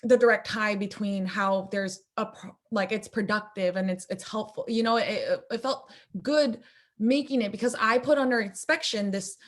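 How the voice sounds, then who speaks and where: A young adult woman speaking as a filmmaker guest in a casual interview, chatty and animated, her voice gone squeaky from a lot of talking. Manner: chatty, animated, quick asides.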